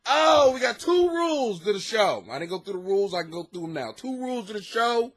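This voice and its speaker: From his home basement, a man hosts a comedy podcast, telling stories in a loose, profane, casual monologue. His voice sits high and sing-song, moving at normal speed with frequent pauses.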